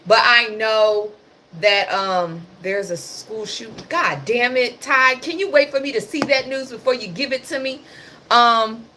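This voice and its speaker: A woman's voice: fairly high pitch, a little slow, pushed and bright, a little hiss or hum. A woman hosting a casual livestream, talking about the news in a passionate, sarcastic and blunt way. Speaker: livestream host.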